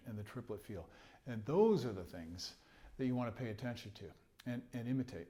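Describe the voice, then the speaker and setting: A man at an ordinary pitch talks through a music lesson as a trumpet teacher. He explains patiently and sings rhythms aloud on nonsense syllables. He chuckles between points. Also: expressive, a little fast, a little mellow.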